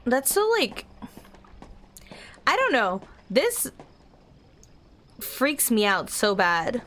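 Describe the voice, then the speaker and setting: A woman's voice: on the high side, big pitch swings, extremely slow, fairly bright tone. A young adult woman streaming a story game, chatting casually with giggles and gushing thanks to her viewers. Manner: bubbly, giggly, gushes at chat. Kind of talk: casual gameplay commentary.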